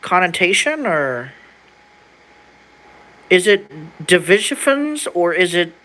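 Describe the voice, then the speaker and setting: A young adult streamer reads an old document aloud during casual livestream chat. The slangy delivery keeps stalling to sound out words, with a bright, forward tone. Their pitch sits in the middle range. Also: big pitch swings, slow pace, poor audio.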